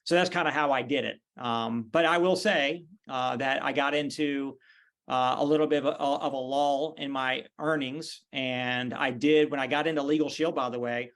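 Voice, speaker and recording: A middle-aged man with a medium-pitched voice at a normal speed is a guest on a podcast, heard over a video call. In this casual storytelling interview he's animated, acting out the voices of people in his anecdotes.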